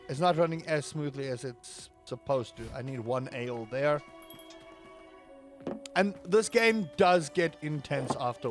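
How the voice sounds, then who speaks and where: Man, game commentary, playful, theatrical, slightly high voice, faint music behind. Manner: playful, theatrical, bursts into high panicked yelps. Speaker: gaming video creator. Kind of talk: let's play commentary.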